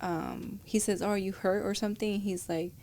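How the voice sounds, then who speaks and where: A woman's voice: mid-range voice, fairly even intonation, fairly quick, a little mellow. A woman who is a podcast guest in casual chat, telling stories and acting out quoted dialogue.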